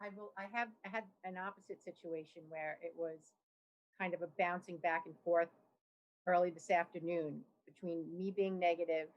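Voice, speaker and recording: A woman taking her turn in an online group talk, starting with halting restarts. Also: on the low side, fairly even intonation, muffled recording. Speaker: participant. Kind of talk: casual chat. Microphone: video call.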